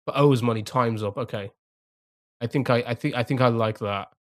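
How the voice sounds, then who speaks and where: A man's voice: medium pitch, fairly quick. A young man streaming a game live, thinking aloud, chatting to viewers and laughing often. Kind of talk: casual live-stream commentary.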